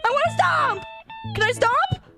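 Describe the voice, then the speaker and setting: A woman's voice: very high-pitched, expressive, a little slow, sharp tone, faint music behind. A young adult woman streaming a game, reacting with exasperated, dramatic pleading and outbursts. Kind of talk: reactive livestream gaming chat.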